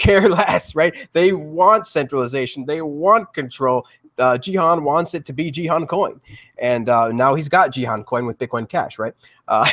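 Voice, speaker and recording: A man talking eagerly on a live panel show, with frequent restarts and repeated words. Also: mid-range voice. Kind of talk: casual crypto panel talk.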